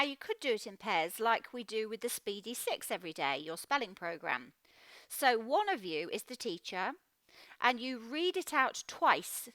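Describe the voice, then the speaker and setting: A woman teaching a phonics lesson to children, sounding out words slowly and clearly. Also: medium pitch, pushed and bright, dry recording.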